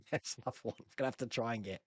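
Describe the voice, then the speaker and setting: A man's voice: mid-range voice, rapid-fire, husky, no echo. A man hosting a casual live-stream Q&A, chatting and laughing as he answers viewer comments.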